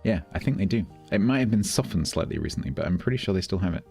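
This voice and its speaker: A middle-aged man with a London accent and a deep, low voice talks casually to his stream chat. He explains at length, often restarting his sentences. Faint music plays quietly behind him. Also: lively intonation, fast, creaky. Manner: chatty, explanatory, many restarts.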